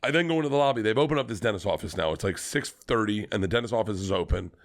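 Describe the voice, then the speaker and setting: A comedian on a podcast telling a long personal story in a casual, animated, swearing manner. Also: male voice, lowish voice, racing. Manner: animated, profane, fillers like "like".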